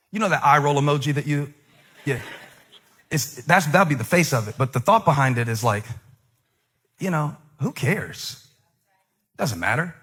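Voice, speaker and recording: A middle-aged male pastor with a slightly high, somewhat bright voice preaches conversationally. He jokes with the congregation and breaks into emphatic surges.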